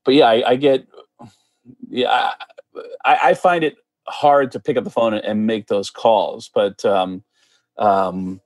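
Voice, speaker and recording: Animated male comedian telling stories. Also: lowish voice, slow, long pauses. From United States. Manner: animated, acts out other people's voices in quotes. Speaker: podcast guest, comedian and impressionist. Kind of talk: casual storytelling.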